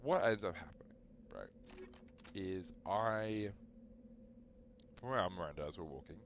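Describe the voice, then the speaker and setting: Brief: a young, very low-voiced streamer, chatty and animated, faint hiss behind. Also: male voice, unhurried, dull audio. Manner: rambling, animated, talks to chat. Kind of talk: casual storytelling on a live stream.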